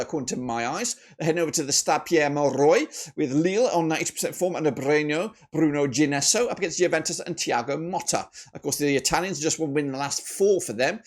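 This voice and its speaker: A man hosting a football predictions video in a chatty, animated way, often correcting himself. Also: fairly quick, hardly any pauses. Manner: animated, with frequent jumps in pitch and loudness; chatty, with filler "uh"s and self-corrections. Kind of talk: casual match-prediction commentary.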